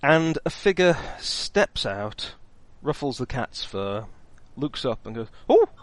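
A man's voice: mid-range voice, lively intonation, takes it slowly, a bit bright, dry recording, poor audio. A man running a tabletop game as game master, wry and hesitant, with many ums.

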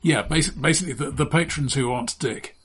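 A man narrating as game master of a tabletop game, in a relaxed, halting way with frequent restarts. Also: on the high side, slight background noise.

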